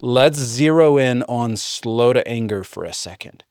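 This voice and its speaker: A man preaching a sermon, reading scripture aloud and joking by mimicking his listeners in high voices. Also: animated, a little slow, a little mellow, dry recording, clean studio sound. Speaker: pastor.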